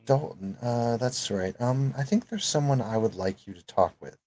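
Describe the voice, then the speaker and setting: A man voicing a calm, kindly woman who offers help, speaking gently and a bit hesitantly. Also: medium pitch, moderate pace, voice pushed up, lightly acted. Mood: reassuring.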